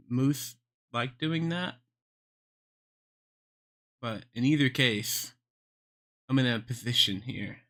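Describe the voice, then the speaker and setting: A young man livestreaming, rambling through a deadpan absurd bit with plenty of swearing. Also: medium pitch. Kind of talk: rambling joking stream chat.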